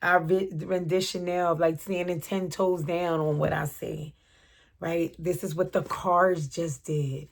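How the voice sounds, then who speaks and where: A middle-aged woman reads tarot cards in a loose, spontaneous way. Her gravelly voice moves slowly, then bursts into excited slang, laughter and bits of song. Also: fairly low pitch. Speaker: tarot reader.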